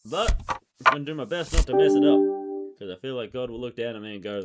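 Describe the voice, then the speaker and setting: Over fast, loud background music, a man thinks aloud while playing online poker. His casual commentary swings between excited outbursts and low muttering.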